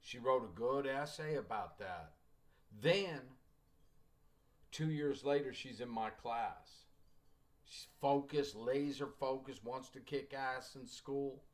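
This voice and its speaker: A man's voice: medium pitch, slow pace. A middle-aged male writing teacher talks to his class in a loose, folksy way. He drifts into anecdotes and acts out the dialogue, with wry joking asides.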